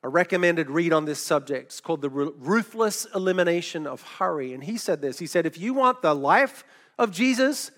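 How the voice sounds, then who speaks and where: A middle-aged male pastor giving a sermon in a conversational, storytelling way, with quick asides and light laughs. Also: fairly high pitch, expressive, a bit bright.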